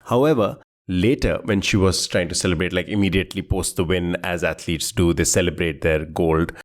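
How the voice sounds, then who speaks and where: A man's voice: low voice, fairly quick. A man co-hosting a quiz podcast, chatting casually, rambling and laughing as he searches for words.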